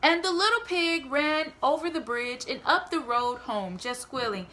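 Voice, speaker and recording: A woman at home reading a picture book aloud to her child, gently expressive and playful. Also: sits high, measured pace, few pauses, a little hiss or hum. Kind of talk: read-aloud storytelling.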